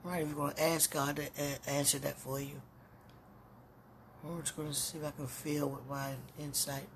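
A woman's voice: deep voice, level tone, moderate pace, slight background noise. A woman podcaster talking in a casual, intimate monologue that rambles and often turns to prayer.

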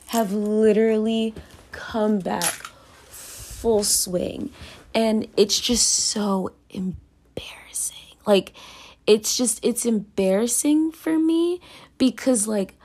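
A young woman hosting her own podcast talks through her feelings in a casual confessional monologue, rambling and self-conscious, full of fillers and restarts. Her medium-pitched voice is creaky and dark.

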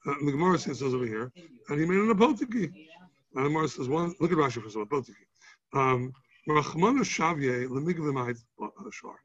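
A man's voice: fairly high pitch, fairly bright tone, breathy edge, muffled recording. A man teaching a Talmud class, explaining each step with examples and rhetorical questions.

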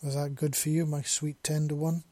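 A man doing a soft-growling male creature. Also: a little high, level tone, normal speed, no room sound, natural voice. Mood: tender.

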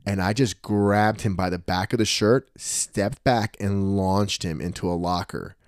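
Deep-voiced young guy chatting, acts out stories, dry sound. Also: unhurried, dry recording. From New Jersey. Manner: storytelling, animated quoting of others. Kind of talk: casual podcast chat.

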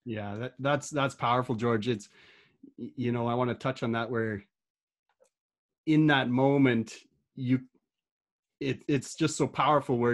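Halting, laughing podcast host man. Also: mid-range voice, muffled recording. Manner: halting, restarts, laughs into questions. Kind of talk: casual interview.

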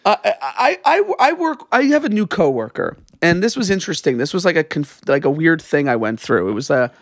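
A man's voice: a little high, very animated, a little fast, vocal fry, no echo, studio quality. A young man co-hosting a podcast, chatting casually and animatedly, rambling and swearing freely. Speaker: podcast co-host. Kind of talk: casual chat.

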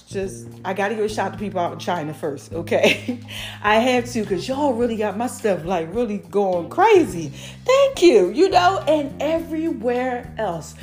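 A woman hosting her own podcast, giving a casual, effusive update to her followers, calling them y'all and baby. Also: medium pitch. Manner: animated, effusive, addresses listeners as y'all and baby. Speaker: podcast host and brand owner.

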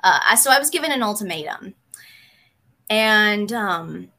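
Slow, bright-voiced woman telling her story. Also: medium pitch, lively intonation. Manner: hesitant, many pauses and fillers; candid and emotional. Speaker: interview guest, psychotherapist. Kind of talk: personal storytelling in a conversation.

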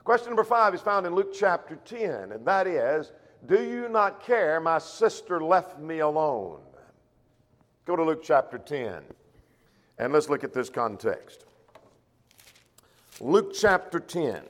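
A man preaching a sermon in a church, measured and slowing down when he quotes scripture. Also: fairly high pitch, very animated. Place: church auditorium. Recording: long echo of a church hall.

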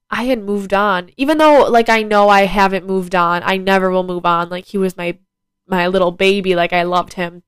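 A woman's voice: mid-range voice, clear, resonant tone, no echo. A teenage girl hosting her own podcast, talking casually and rambling with lots of ums and likes. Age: teens. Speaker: podcast host. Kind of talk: casual solo podcast talk.

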